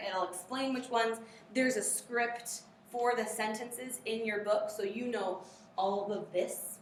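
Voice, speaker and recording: In a very echoey room with the mic far off, a woman upbeatly drills rhythmic grammar chants while training teachers in a workshop lesson. Her pitch is medium, with slight background noise.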